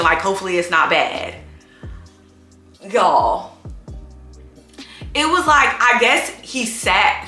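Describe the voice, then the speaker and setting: A woman's voice: medium pitch, sharp tone, roomy sound. A woman who is a single mom chatting casually to camera in a vlog, telling stories in a rambling way full of "like".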